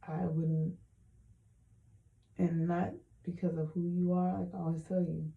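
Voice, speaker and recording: A woman speaking a heartfelt personal message into her hand-held phone, soft and halting with many pauses, close to tears. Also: lowish voice, flat delivery, creaky, roomy sound, narrow, tinny audio. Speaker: vlogger.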